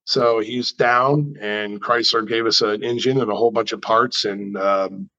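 Animated New storyteller man. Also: on the low side, measured pace, lo-fi sound. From New York. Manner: animated, chatty storyteller who acts out quotes. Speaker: custom car builder. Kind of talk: storytelling in an interview.

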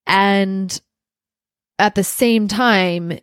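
A woman's voice: mid-range voice, unhurried, no room sound, studio quality. A young adult woman hosting a podcast, telling a personal story in a candid, heartfelt way with lots of "like" fillers. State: emotional. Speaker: podcast host.

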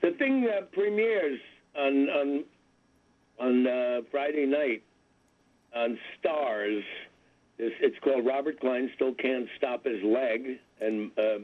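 Slowly and in a mid-range voice, a man in his seventies, a comedian calling in as a guest, chats through a phone-in interview. He's wry and meandering with self-deprecating comments, and the telephone audio is tinny.

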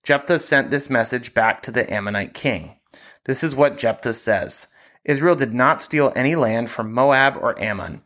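A man reading a Bible passage aloud in a steady, measured way, hosting a scripture podcast. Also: medium pitch.

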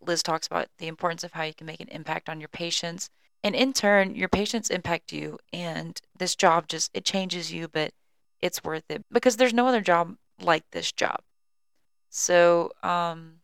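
A woman's voice: on the low side, creaky, a bit bright, clean tone, no echo. A young woman hosting a podcast from home, casually and chattily telling a work story and apologizing. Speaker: podcast host and EMS worker. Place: at home on a couch.

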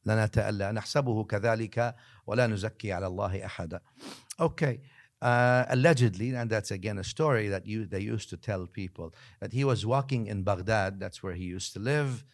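A man, a religious scholar, telling a story as a podcast guest, lively one moment and dropping to a hushed near-whisper the next, with Arabic phrases woven in. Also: lowish voice, fast. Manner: mixes Arabic phrases into his talk.

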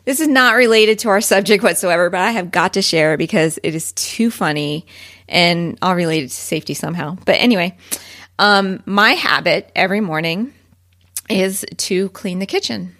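A woman in her forties hosting her own podcast, telling a story in a chatty, animated way and laughing often. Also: lowish voice, moderate pace. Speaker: podcast host. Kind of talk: casual solo podcast talk.

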